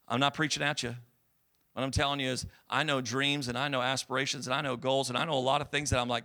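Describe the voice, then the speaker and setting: A middle-aged man, a pastor, preaching a sermon at a church service, swinging between loud exhortation and soft earnest tones. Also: a little high, fast talker. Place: church sanctuary.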